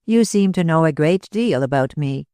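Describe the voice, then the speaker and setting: A man voicing a puzzled, touchy young gentleman who asks clipped, wary questions. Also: a little high, expressive, normal speed, smooth, dry recording, studio quality.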